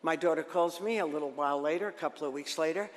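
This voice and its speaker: Older woman, radio host, lively joking storyteller, roomy hall, long reverb. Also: low-pitched, fast. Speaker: radio host telling career stories. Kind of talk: storytelling talk to an audience.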